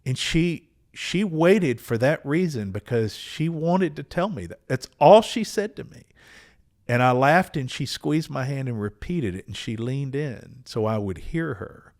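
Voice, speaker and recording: A man's voice: medium pitch, lively intonation, darkish tone. Earnest man in his sixties. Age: 60s. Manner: earnest, unhurried, with small restarts. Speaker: podcast host. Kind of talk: reflective personal storytelling.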